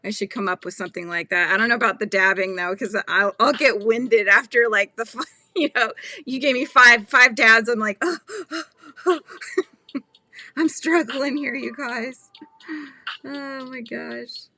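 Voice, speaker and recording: Bright, giggly woman livestreaming. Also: a little high, steady tone, moderate pace, no echo. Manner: giggly, chatty, laughs often; drops to quiet murmurs while painting. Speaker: art livestream host. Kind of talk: casual livestream chat while painting.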